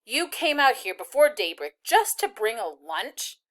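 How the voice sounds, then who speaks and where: A woman's voice: on the high side, very animated, a little slow, a bit bright. A woman reading aloud who voices a suspicious male soldier, questioning in a barking, scornful way.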